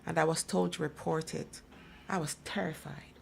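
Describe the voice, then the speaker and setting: A woman's voice: low-pitched, steady tone, moderate pace, creaky, a little hiss or hum. A middle-aged woman, giving an emphatic personal testimony as a guest speaker. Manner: emphatic storytelling, acts out others' voices. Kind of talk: personal testimony in a talk program.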